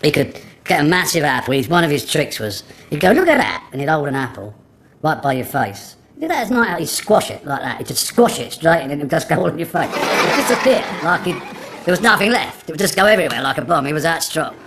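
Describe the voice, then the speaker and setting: A man with a Liverpool accent, an actor, telling lively anecdotes in an interview. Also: a little high, quick pace, vocal fry, noisy background. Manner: lively storytelling with laughter.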